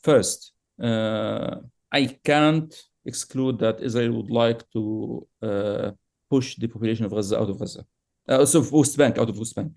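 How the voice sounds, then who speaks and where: A man's voice: medium pitch, a little slow, creaky. A man giving political commentary on a podcast, emphatic and at times heated, with frequent fillers and restarts. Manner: emphatic, grows heated and animated. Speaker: podcast guest analyst.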